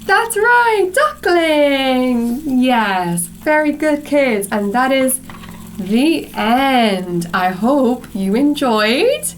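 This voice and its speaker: Slow sing-song woman teacher. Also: sits high, animated, a little hiss or hum. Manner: slow, sing-song and encouraging, with questions to the children. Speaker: English teacher for young children. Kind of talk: slow storybook reading lesson for kids.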